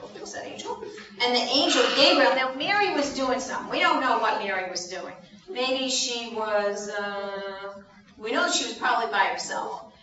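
A woman leading a children's message in church, telling a story in an animated way and asking the children questions. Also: a little high, normal speed, noisy background. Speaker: children's sermon leader. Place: church sanctuary. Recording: roomy distant church sound, muffled.

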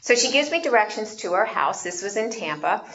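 Animated woman telling a story. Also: mid-range voice, brisk, muffled recording, background noise. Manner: animated, conversational, asks the audience questions. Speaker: speaker. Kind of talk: storytelling talk.

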